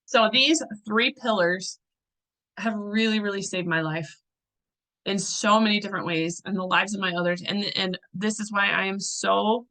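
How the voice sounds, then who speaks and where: Bright woman, casual coaching talk, chatty with fillers, young adult, mid-pitched. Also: fairly even intonation, moderate pace, rough recording. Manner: chatty, uses many fillers and restarts. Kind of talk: casual teaching talk to a group.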